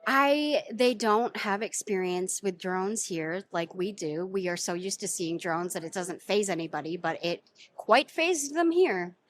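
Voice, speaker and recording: A woman's voice: mid-range voice, lively intonation, unhurried, slight background noise. An American woman co-hosting a casual podcast chat, giving brief, plainspoken replies. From United States. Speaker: podcast co-host.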